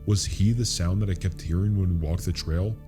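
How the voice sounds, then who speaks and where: A man reading a scary true story as a narrator, in a slow, hushed, suspenseful delivery. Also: deep voice, over music. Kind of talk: scripted horror story narration.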